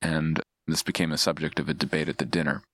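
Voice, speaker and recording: A man's voice: very deep voice, level tone, fast talker, a bit bright, dry recording. A man speaking as a podcast guest, explaining ideas in a thoughtful, digressive way with frequent restarts. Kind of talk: casual analytical discussion.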